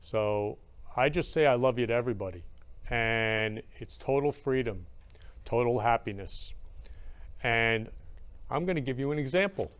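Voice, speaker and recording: A man hosting a casual livestream show, talking warmly and effusively and saying "love you" over and over. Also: mid-range voice, animated, normal speed, pauses often, smooth. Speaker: show host.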